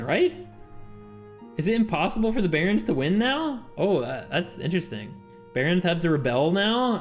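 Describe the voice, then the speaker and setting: A man streaming a game with his chat, chatting casually, laughing often and reading game text aloud. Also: on the high side. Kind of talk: casual livestream chat while playing a game with chat.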